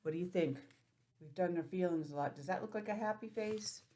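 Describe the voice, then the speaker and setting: A woman teacher reading a picture book aloud to young children, pausing to explain and ask gentle questions. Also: lowish voice.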